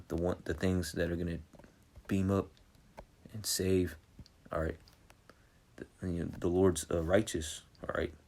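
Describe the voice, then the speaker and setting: A man teaching from scripture in an informal preaching style. He reads verses slowly and then explains them in casual talk, checking in constantly with "all right?" and "okay?". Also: sits low, darkish tone. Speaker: Bible teacher.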